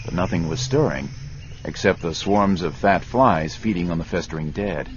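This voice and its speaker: A man narrating a grim adventure novel in a steady storytelling manner. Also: low voice, moderate pace, dull audio, a little hiss or hum. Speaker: audiobook narrator. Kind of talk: scripted narration.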